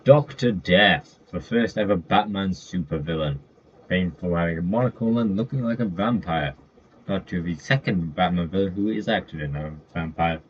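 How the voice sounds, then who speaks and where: A man's voice: low-pitched, normal speed, breathy edge. A man in casual commentary running through a list of comic villains, rambling with fillers and self-corrections. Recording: dull lo-fi mic with faint noise.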